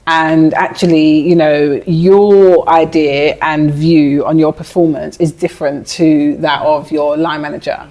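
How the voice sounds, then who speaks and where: A woman co-hosting a podcast, speaking in a measured, thoughtful way in a casual discussion. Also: deep voice, fairly even intonation, a little mellow. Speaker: podcast co-host.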